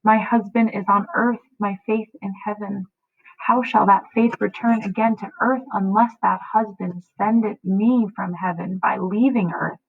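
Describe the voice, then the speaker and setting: A woman's voice: medium pitch, steady tone, a little slow, vocal fry, dry recording, pitched above the performer's own voice. Woman reading as a pleading young noblewoman. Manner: pleading, anguished. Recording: tinny phone-like audio.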